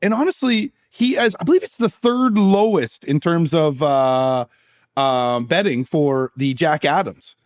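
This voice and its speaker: A man, co-hosting a hockey podcast with playful banter and quick interjections. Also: fairly high pitch, expressive. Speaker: podcast co-host. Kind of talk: casual podcast chat and ad read.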